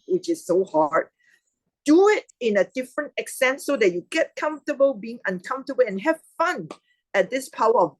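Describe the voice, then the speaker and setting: A woman hosting an online club meeting over a video call, chatty and quick to laugh. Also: high-pitched, no room sound, rough recording. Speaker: meeting host.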